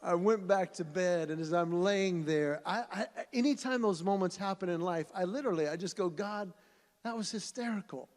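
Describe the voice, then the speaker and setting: Male event speaker, lively storyteller, reverberant hall. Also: high voice, a little fast, few pauses. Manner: animated storyteller who acts out voices. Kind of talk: storytelling speech to an audience.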